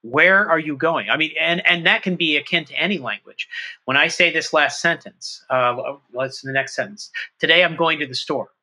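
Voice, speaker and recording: A middle-aged man, a trumpet professor, talking through his ideas in an interview, animated and thinking aloud with quick restarts. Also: a little high, rough recording. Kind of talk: conversational interview.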